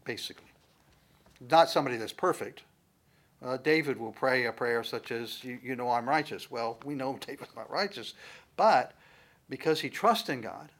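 A man preaching from the Bible, his voice at an ordinary middle pitch for a man. He talks to the congregation in a loose, conversational way, then pushes certain words out with a louder, emphatic lift. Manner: conversational teaching, rising to emphatic loud stresses. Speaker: pastor. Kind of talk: sermon, Bible teaching.

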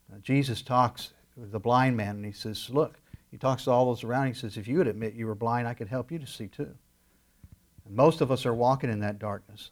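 Speaking at a medium pitch, a man preaches as a pastor. His delivery moves back and forth between emphatic outbursts and hushed remarks.

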